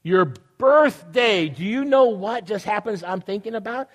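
A man's voice: high voice, animated, a little slow. An older man leading a children's sermon, reading a picture book aloud and teasing the children playfully.

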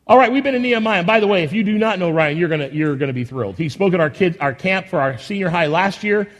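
High-voiced enthusiastic man preaching. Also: expressive, fast talker. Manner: folksy, rambling, enthusiastic with restarts. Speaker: pastor. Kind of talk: church announcements and sermon. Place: church sanctuary.

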